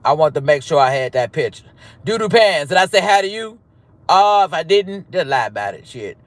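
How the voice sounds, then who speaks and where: A man hosting a casual livestream roll call, profane, swinging between loud greetings and low mutters. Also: sing-song, a little fast, no echo. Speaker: livestream host.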